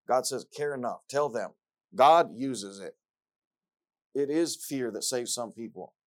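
A male pastor preaching a sermon in an earnest style, repeating scripture lines for emphasis and rising from quiet reflection to loud excitement. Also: medium pitch, a little slow.

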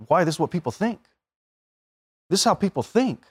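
A man's voice: high-pitched, very animated, a little fast, pauses often, breathy edge. A man preaching a sermon, telling everyday stories and acting out the voices of the people in them. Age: adult, married.

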